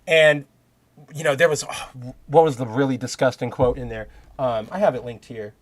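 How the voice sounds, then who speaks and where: A man's voice: medium pitch, fairly even intonation, moderate pace. A young man hosting a podcast, talking in rambling casual commentary with many restarts and heated bursts of profanity. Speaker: podcast host.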